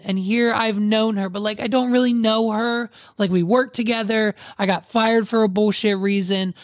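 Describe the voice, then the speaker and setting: A man's voice: high-pitched, dry recording. Young male host, chatty storyteller, loose and meandering, dry sound. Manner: rambling, full of fillers and asides. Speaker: podcast host and wedding DJ. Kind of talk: casual storytelling.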